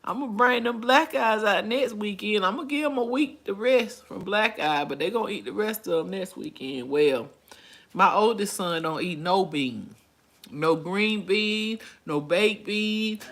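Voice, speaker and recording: A woman's voice: medium pitch, a bit bright. A woman in her forties hosting a casual livestream, reading viewer comments aloud and chatting in a folksy way with frequent laughter. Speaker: livestream host.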